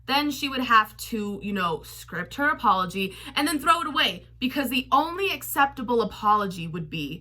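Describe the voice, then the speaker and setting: A woman's voice: a little high, big pitch swings, moderate pace, few pauses, sharp tone. A woman hosting a commentary vlog, talking in a blunt, sarcastic tone and swearing freely. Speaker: commentary YouTuber.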